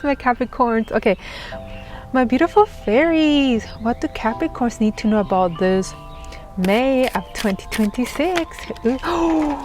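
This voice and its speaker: A woman giving an excited, gushing tarot reading, giggling as she talks. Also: fairly high pitch. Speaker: tarot reader.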